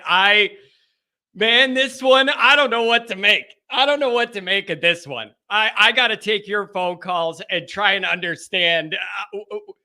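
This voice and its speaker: Excitable high-voiced male sports host. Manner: excitable, rambling, thinks aloud. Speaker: host of a sports call-in show. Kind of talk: casual live post-game talk.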